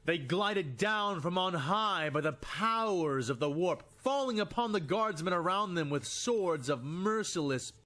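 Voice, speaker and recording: Guy narrating a fan story, slow and dramatic, voice bouncing all over the place. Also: high-pitched, lively intonation, fairly bright tone. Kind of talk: scripted narration of fan fiction.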